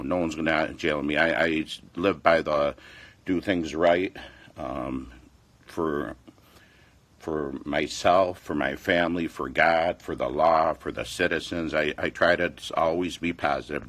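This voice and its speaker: A man's voice: extremely low pitch, fairly even intonation, a little slow, fairly bright tone. A man in his forties, a fitness vlogger, chatting casually and rambling defensively, repeating himself. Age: 40s. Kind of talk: casual livestream chat.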